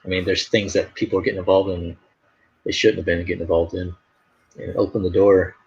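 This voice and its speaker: A low, creaky, slightly rough male voice delivers flat, brisk casual chat. He's an artist on a live stream who tells rambling stories stuffed with fillers, and the lo-fi stream sound is dull.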